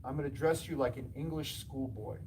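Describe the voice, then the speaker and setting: A man who runs a martial arts school tells animated anecdotes to an audience, acting out the dialogue and laughing along. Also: medium pitch, brisk, recorded from a distance, noisy background. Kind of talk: storytelling talk to an audience.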